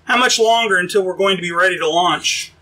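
A man narrating an audiobook, voicing a calm, steady male shuttle commander who gives orders to his crew. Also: high voice, brisk, a little hiss or hum, rough recording. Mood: probing. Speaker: mission commander.

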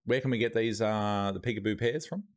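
A man's voice: on the low side, brisk. An Australian man hosting a casual live stream, chatting while he eats. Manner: chatty, talking while eating. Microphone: streaming mic with noise gate.

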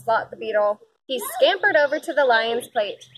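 A woman reading a children's picture book aloud, with expressive, lively storytelling. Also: on the high side, moderate pace, a little hiss or hum, poor audio. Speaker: storybook reader.

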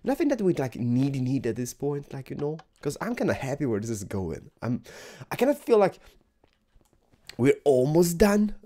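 Animated man with a tired morning voice. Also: medium pitch, moderate pace. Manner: rambling, animated, repeats words, drops into whispers. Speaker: gaming video host. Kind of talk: casual gameplay commentary.

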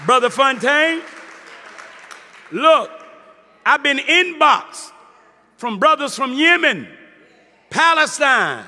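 A man, a minister giving a testimony sermon, who rises from storytelling into shouted preaching with quick asides to the audience. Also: extremely high pitch, big pitch swings. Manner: preaching, rising to shouts, call-and-response asides. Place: large hall before an audience. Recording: live hall with reverb, crowd behind.

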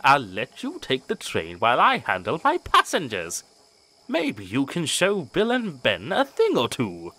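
A man's voice: mid-range voice, huge pitch swings, a little slow, pitched above the performer's own voice, exaggerated voice. Edward, a man doing a kind older steam engine. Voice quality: gentle, reassuring.

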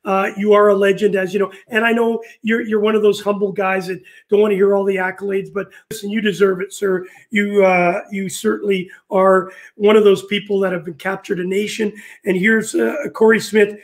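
A man hosts a live interview in a chatty, joking way. His voice sits high for a man. He keeps the talk light and full of banter. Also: little pitch movement, fairly quick, few pauses. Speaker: host. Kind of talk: casual live interview chat.

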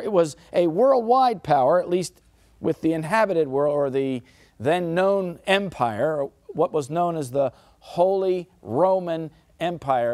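A middle-aged man giving a Bible study lecture, asking rhetorical questions and slowing down to stress key words. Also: fairly high pitch, a little mellow, dry recording. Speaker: Bible teacher.

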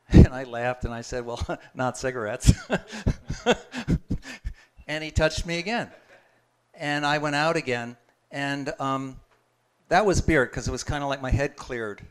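A man's voice: medium pitch, clear, resonant tone. A man sharing a personal testimony in a casual, conversational storytelling way, chuckling and restarting his sentences as he goes. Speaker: guest speaker sharing a testimony.

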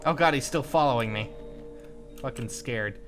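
A young man playing a video game with friends, reading its text aloud in halting starts and joking around. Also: medium pitch. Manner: reads on-screen text in halting starts, playful. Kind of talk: casual lets-play commentary with joking character voices. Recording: faint game music behind.

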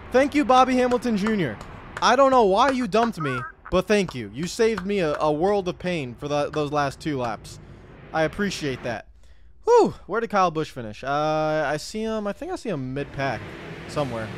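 A young man commenting on his own racing game play, muttering to himself and yelling when things go wrong. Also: fairly high pitch, normal speed, a little hiss or hum. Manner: excitable, yells when wrecked, mutters to himself. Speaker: gaming YouTuber.

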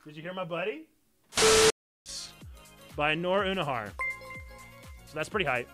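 A young man hosting a live game stream, chatting casually and excitably with frequent giggles. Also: fairly high pitch, unhurried, over loud music.

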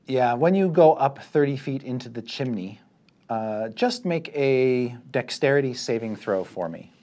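A man running a tabletop game as dungeon master, narrating scenes vividly and calling for rolls in a steady way. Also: mid-range voice, unhurried. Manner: descriptive, steady game narration with rules calls.

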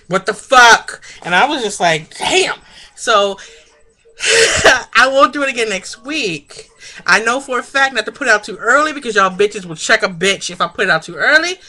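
A woman's voice: on the high side, pushed and bright. A woman giving a casual, sassy and profane vlog review of a reality show, chatty and laughing often.

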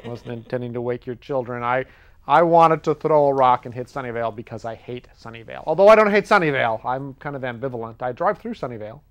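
A man's voice: mid-range voice, expressive, fairly bright tone, dull audio. A man hosting a public access TV show, rambling through a comic monologue and acting out both sides of conversations. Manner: rambling, self-mocking, acts out dialogue in quick voices. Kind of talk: casual comedic monologue. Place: TV studio.

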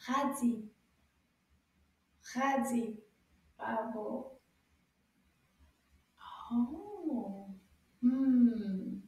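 A high-voiced woman leads a children's language lesson in an unhurried, encouraging way, stretching out sounds for little ones to copy. Her tone is mellow rather than bright. She sounds far from the mic in a very echoey room. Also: expressive. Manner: slow, cheerful and encouraging, exaggerated sounds for repetition. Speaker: French teacher for children.

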